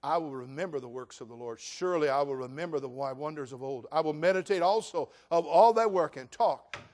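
A male pastor preaching a sermon, swinging from loud rants to quiet asides. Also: on the high side, brisk. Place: church.

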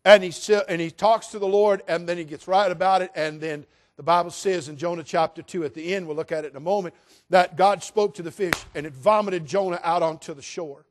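An older Californian man preaches from the pulpit in a folksy, dramatic storytelling style, dropping into hushed tones to imitate the voices he quotes. His voice is high and fairly quick.

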